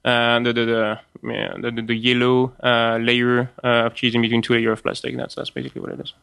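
A man with a French accent, a spirits importer speaking as an interview guest, halting and full of restarts and fillers. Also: mid-range voice, flat delivery, vocal fry, fairly bright tone, clear, resonant tone, dry recording, studio quality. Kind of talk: conversational interview.

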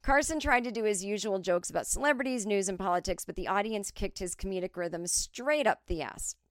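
Profane, animated woman telling a story. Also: medium pitch, brisk, no echo, studio quality. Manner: animated, profane, self-mocking. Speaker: comedian and podcast host. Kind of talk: casual comedic storytelling.

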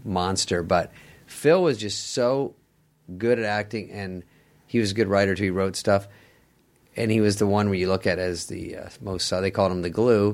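Low-ish guy telling stories on a podcast, does all the voices in his anecdotes. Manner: animated storyteller, acts out other people's lines. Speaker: podcast guest, former sketch comedy cast member. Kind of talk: casual storytelling chat.

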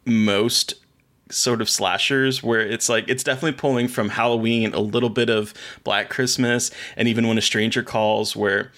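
Here a male podcast co-host talks movies and TV in a loose, excited ramble, frequently starting sentences over. He has a medium-pitched, steady, slightly bright voice and keeps a moderate pace.

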